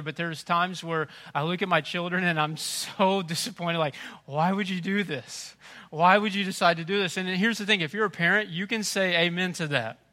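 A middle-aged male pastor preaching a sermon with impassioned delivery, dropping to a hush and rising to loud emphasis. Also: a little high.

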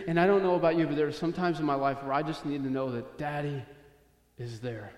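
A man's voice: medium pitch, fairly even intonation, brisk. Preaching man in an echoey hall. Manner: storytelling preacher, rising to loud urgent pleading. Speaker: pastor. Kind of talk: sermon. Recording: echoey hall with long reverb.

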